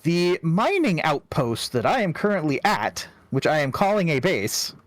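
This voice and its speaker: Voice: mid-range voice, big pitch swings, normal speed, no room sound. A fellow player chatting casually during a game stream, hesitant and full of fillers. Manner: hesitant, many fillers, trailing off. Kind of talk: casual chat while playing a game.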